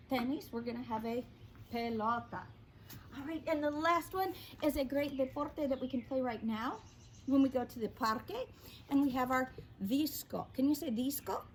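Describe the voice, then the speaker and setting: A woman's voice: high-pitched, slight background noise. A woman teaching a children's Spanish vocabulary lesson, upbeat and prompting her class to repeat each word.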